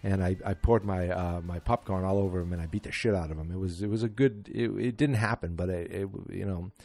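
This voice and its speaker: A man's voice: sits low, fairly even intonation, brisk, vocal fry, dark tone. A middle-aged man hosting a podcast, chatting casually and wryly, rambling with many fillers and self-deprecating asides. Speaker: podcast host. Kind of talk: casual wrestling chat.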